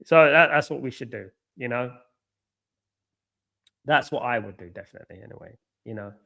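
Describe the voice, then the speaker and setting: A man hosting a live football watchalong, chatting to viewers by name and reacting excitably to each moment of play. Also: medium pitch, normal speed, creaky, highs cut off. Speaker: watchalong host.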